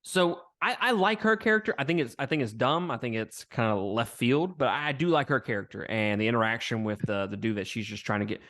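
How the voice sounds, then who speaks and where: A man's voice: mid-range voice, brisk, hardly any pauses, a bit bright. A man co-hosting a podcast, chatting bluntly about a film and laughing often. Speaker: podcast co-host. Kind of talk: casual movie review chat.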